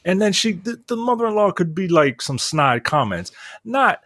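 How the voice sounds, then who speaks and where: Man, lively pitch, dry close mic, indignant profane rant, casual podcast chat. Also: normal speed, no echo. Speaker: podcast co-host. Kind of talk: casual movie review chat.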